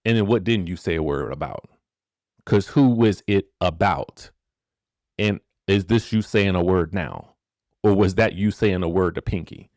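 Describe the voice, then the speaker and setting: A man hosting a casual celebrity gossip commentary, animated and rhetorical, who keeps asking the viewers questions and checking in with them. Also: low-pitched, measured pace, no room sound, clean studio sound. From rural area. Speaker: gossip show host.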